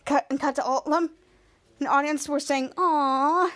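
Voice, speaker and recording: A woman's voice: high voice, fairly even intonation, normal speed, a bit bright. A woman hosting a podcast, retelling a TV episode in a rambling way with many restarts and acted-out quotes. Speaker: podcast host. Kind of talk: casual episode recap.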